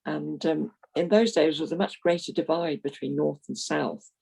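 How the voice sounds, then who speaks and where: A woman's voice: sits low, steady tone, moderate pace, vocal fry, darkish tone, breathy edge, rough recording. A woman in her eighties from London, talking freely about her past in an interview and laughing often as she tells stories. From London, England. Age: 80s. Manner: chatty, frank, laughs while telling stories. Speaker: retired minister, interviewee. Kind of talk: reminiscing interview.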